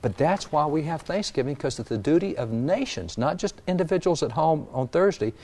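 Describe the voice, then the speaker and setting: A man explaining early national history in a talk, emphatic and animated, stressing key words. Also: on the high side, fairly quick. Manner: animated storyteller, emphatic, reads quotes aloud. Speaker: history guest. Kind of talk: conversational history lecture.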